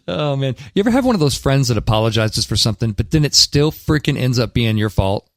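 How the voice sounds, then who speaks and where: A man hosts a talk radio show in a studio, offering blunt, emphatic opinions with frequent restarts in casual commentary. His mid-range voice is animated and moves at normal speed, with no echo.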